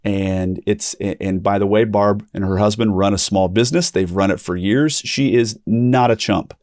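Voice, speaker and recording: At a moderate pace, a male ministry podcast host tells a story in a conversational way, frequently restarting sentences and repeating himself. He animatedly voices the people he quotes, leaping in pitch, and the clean studio audio has no echo.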